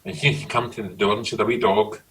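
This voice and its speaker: A middle-aged Scottish man chatting casually, telling lively stories about his childhood. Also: lowish voice, quick pace, far from the mic, slight background noise, rough recording. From Scotland. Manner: storytelling, animated. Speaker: guest. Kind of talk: casual chat.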